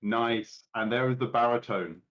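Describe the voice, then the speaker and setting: A man narrating as game master of a live tabletop game, calm and measured. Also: medium pitch, lo-fi sound.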